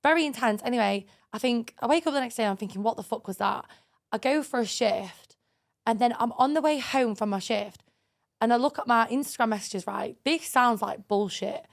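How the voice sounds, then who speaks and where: A woman co-hosting a podcast, telling dating stories in a lively, swearing, laughing way. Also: fairly high pitch, fairly quick, creaky. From England. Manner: animated, swearing, laughing storyteller. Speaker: podcast co-host. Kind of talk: casual chat.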